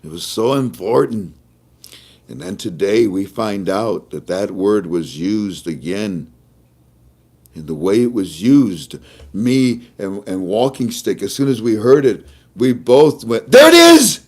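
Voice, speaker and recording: A man hosting a casual live-stream talk show, animated, often chuckling and drawing out words for emphasis. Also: fairly low pitch, slow. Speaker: host.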